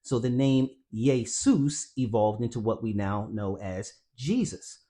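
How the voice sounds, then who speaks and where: A man's voice: on the low side, a little slow, dark tone. A man giving a scripted Bible teaching narration, explaining carefully and calling his viewers family. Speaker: Christian teacher.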